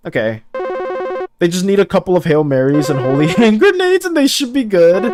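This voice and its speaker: Chatty streamer, animated voice, reads out game text and greets chat, faint music behind. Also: mid-range voice, a little slow. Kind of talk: casual game commentary.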